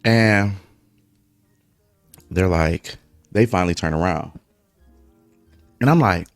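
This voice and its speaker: Man vlogger, deep voice, casual profane storyteller mid-meal. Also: takes it slowly, vocal fry, pauses often, no room sound, soft background music. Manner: speaks through eating breaks. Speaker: mukbang vlogger. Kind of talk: casual storytime while eating.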